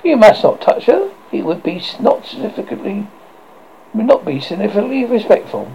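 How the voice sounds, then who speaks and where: A man's voice: sits high, big pitch swings, fairly quick, creaky, warm tone, voice pushed up, full character voice. Peter Pan, as a man reads him in a raised, bossy boy's voice. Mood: urgent. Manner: urgent, bossy. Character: eager commanding boy leader of lost boys. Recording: muffled with faint hiss.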